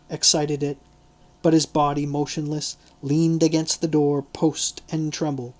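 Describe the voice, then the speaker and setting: A man narrating a literary audiobook in a measured, deliberate reading style. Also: a little high, darkish tone.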